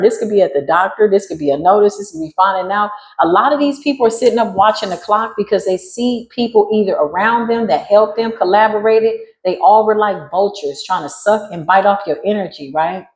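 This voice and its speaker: A woman gives a spiritual reading in a loose, casual monologue. She sounds brash and sassy, swearing freely and breaking into sudden high squeals. Her mid-pitched voice rings in a roomy, echoing space. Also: a little fast, hardly any pauses, a little mellow. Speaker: spiritual reader.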